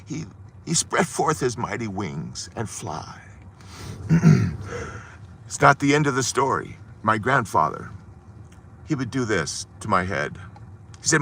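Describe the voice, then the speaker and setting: A man in his fifties or sixties, telling a parable in a dramatic, sermon-like way. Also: mid-range voice. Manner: animated, dramatic storytelling with hushed moments. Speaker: host giving an inspirational talk. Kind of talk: sermon-style storytelling.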